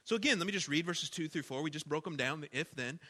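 Guy preaching a sermon, kinda high bright voice, goes loud then real quiet, lots of rhetorical questions. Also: quick pace. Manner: emphatic preaching, rhetorical questions, big swings in loudness. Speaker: pastor.

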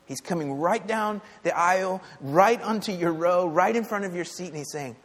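Man, pastor, conversational sermon, rhetorical questions, slightly high voice, long church reverb. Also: moderate pace, hardly any pauses. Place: church sanctuary.

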